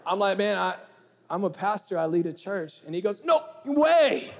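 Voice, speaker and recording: Animated young pastor preaching. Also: male voice, sits high, a little fast, slight background noise. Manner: animated storyteller, acting out dialogue. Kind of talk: sermon with storytelling.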